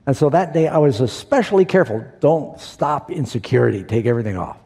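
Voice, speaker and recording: Male preacher, mellow gravelly voice, storytelling sermon with acted-out quotes, church hall reverb. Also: mid-range voice, expressive, quick pace. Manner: storytelling with acted-out quotes, asks the congregation questions. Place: church sanctuary.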